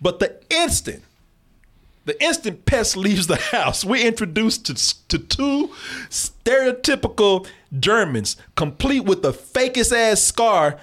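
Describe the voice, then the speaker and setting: A man's voice: high voice, unhurried. A man co-hosting a film podcast, joking and swearing a lot in casual chat. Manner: animated, profane, joking, quoting characters. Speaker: podcast co-host reviewing a film.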